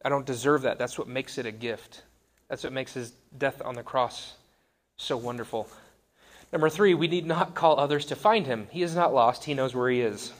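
A man's voice: mid-range voice, normal speed. A man in his thirties giving a conversational sermon, wry and self-deprecating. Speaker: pastor.

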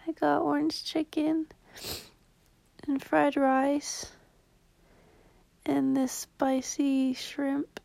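A young woman rambling in a low-key, confessional vlog, swearing bluntly and often dropping to a whisper. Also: little pitch movement, drawn-out words, gravelly, long pauses, dark tone, no echo.

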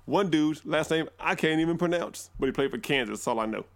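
A man's voice: on the high side, lively intonation, fairly quick. A man co-hosting a sports podcast, joking in self-deprecating banter. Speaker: podcast co-host. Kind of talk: casual sports chat.

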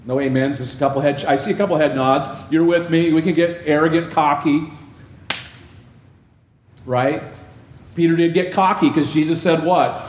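A man's voice: a little high, steady tone, normal speed, long pauses. A man preaching a sermon as a pastor. He talks in a conversational way and keeps asking the congregation questions. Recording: echoey room, faint ambience.

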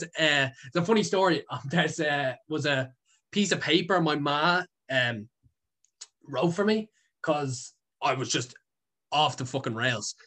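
This guest is a young man and content creator whose slightly high voice sounds pushed and bright. He tells a story in a casual, rambling way, heavy on fillers and swearing, and laughs frequently.

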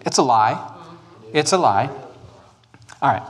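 A pastor delivers a sermon on church history in an animated, joking manner, full of quick asides and put-on quotes. His voice is mid-range.

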